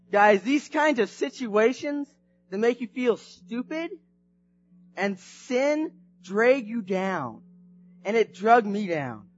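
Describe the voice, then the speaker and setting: Male preacher, high voice, lively storytelling sermon, dull dry recording with faint music under it. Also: no room sound. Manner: animated, swings from hushed to shouting.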